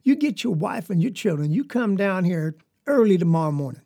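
A woman with a Southern US accent voicing a hearty farmer father who talks in a booming, cheerful way. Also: very animated, a little fast, mellow.

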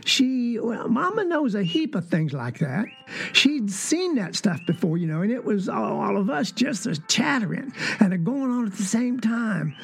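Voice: medium pitch, big pitch swings, normal speed, gravelly. An actor performing a rural Southern child recalling a Christmas memory, in a Southern accent with folksy dialect and drawling asides. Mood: earnest, wondering. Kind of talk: dramatic monologue.

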